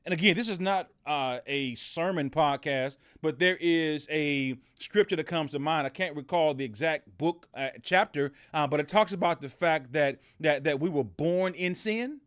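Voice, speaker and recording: Man telling a story on a podcast, fairly high voice. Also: normal speed, few pauses, fairly bright tone, clear, resonant tone, no echo, clean studio sound. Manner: conversational, storytelling, many fillers and restarts. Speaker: podcast host. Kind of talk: casual motivational podcast talk.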